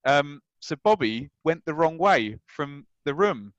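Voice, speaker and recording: A man in his thirties, a guest telling anecdotes in an animated way and acting out the lines of the people in them. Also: a little high, a little slow, no echo, highs cut off. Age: 30s. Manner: animated, acts out quoted lines. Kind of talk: anecdotal storytelling.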